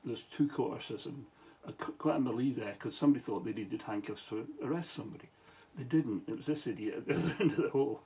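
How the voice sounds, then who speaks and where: A man's voice: medium pitch, fast talker, hardly any pauses, mellow, breathy edge, poor audio. A tired middle-aged Scottish man, a former police officer, telling a meandering story late at night with many restarts, asides and chuckles.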